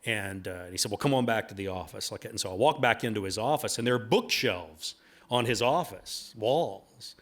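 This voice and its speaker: A man's voice: on the low side, expressive, normal speed, a bit bright. A middle-aged man telling a folksy, rambling story at a bookstore talk, with plenty of fillers along the way. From United States. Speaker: author giving a talk.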